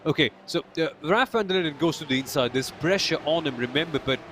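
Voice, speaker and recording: A man co-commentating on a live sim race, excitable and thinking aloud as he analyses the incidents. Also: a little high, fast, slight background noise. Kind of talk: live esports racing commentary.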